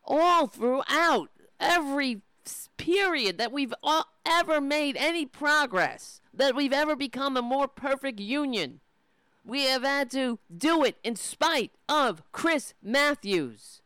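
A woman's voice: sits high, animated, slow, a bit bright, no echo. Profane, ranting woman commentator. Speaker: political commentator reacting to clips. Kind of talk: angry reaction commentary.

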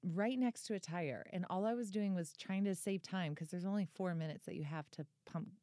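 Woman, about thirty, casual podcast chat, animated storyteller, swears freely, dry close sound. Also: on the low side, brisk, dry recording. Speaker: podcast co-host and author.

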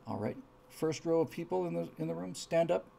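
A man voicing a cold, menacing male Soviet dictator in a joke, with a low, hushed, threatening delivery and a husky, gravelly tone. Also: lively intonation, a little fast, heavily acted.

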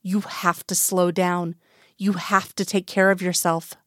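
A woman reading the part of a worried older mother, soft-voiced but insistent and pleading. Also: on the low side, little pitch movement, a little slow, dry recording, studio quality.

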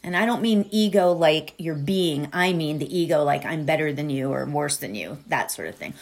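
Before guiding listeners through a meditation, this middle-aged podcast host chats in a relaxed, kindly way, full of fillers and tangents. She speaks at a normal speed in a low-sitting voice.

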